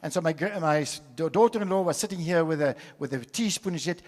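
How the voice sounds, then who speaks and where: A man's voice: on the high side, fast, hardly any pauses. Dramatic older man, hall reverb. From South Africa. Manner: dramatic storyteller, swings from loud to hushed. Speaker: conference speaker. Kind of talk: motivational conference talk.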